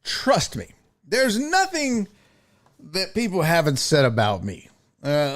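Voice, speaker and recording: A middle-aged man hosts a loose sports talk stream, swearing freely and reading viewer comments aloud. His voice sits a little high and swings up and down a lot as he riffs and jokes. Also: takes it slowly, pauses often. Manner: profane, animated, jokey, slips into mock voices. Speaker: sports talk show host.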